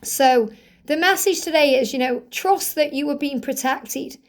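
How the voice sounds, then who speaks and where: A woman with a slightly croaky throat, giving an earnest spiritual card reading and relaying messages in the first person. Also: sits high, a little slow. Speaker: tarot reader.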